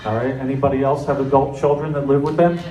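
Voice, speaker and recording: A middle-aged man from New Jersey doing a stand-up comedy set with deadpan, self-mocking storytelling. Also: medium pitch, fast talker, recorded from a distance. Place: comedy club stage. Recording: echoey club with audience noise. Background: audience laughter.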